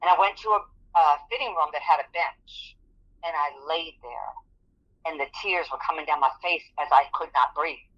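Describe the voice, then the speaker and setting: A woman's voice: low voice, normal speed, fairly bright tone, dull audio. A woman giving a personal testimony as an interview guest, telling her story earnestly and vividly. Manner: earnest, vivid storytelling that acts out quoted speech.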